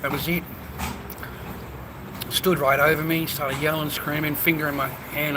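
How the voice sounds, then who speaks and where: A man's voice: fairly high pitch, level tone, moderate pace, pauses often, noisy background. Rambling man in the street. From Australia. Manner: rambling, profane, blokey. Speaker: vlogger. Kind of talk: casual street vlog. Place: outdoors by a street, food stall.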